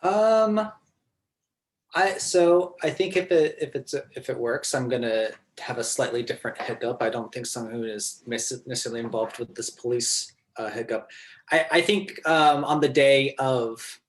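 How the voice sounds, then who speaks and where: A man's voice: medium pitch, moderate pace. A man playing a tabletop game, rambling playfully through his character's mishap. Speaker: player.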